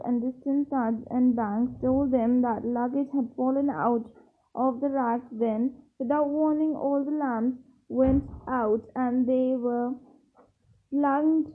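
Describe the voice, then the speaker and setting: A woman reading a novel aloud at a steady pace, with small slips and self-corrections. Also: high-pitched, slow. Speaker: reader. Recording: tinny phone-like sound.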